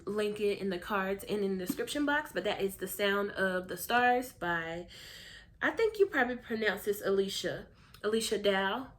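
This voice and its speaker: An American woman talks her way through a book haul in a loose, chatty manner, stopping for ums and correcting herself as she goes. Her voice is starting to wear out. She speaks at a middling pitch for a woman. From United States. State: losing her voice. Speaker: book vlogger. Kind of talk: casual book haul chat.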